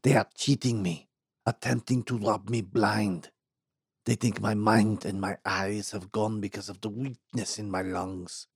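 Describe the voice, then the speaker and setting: A man puts on an ailing old mine owner whose wheezy, coughing voice drops low and quiet. He sounds bitter and suspicious, a menacing figure in an audiobook story. The recording is dry and close. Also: steady tone, unhurried, husky, no echo, heavily acted.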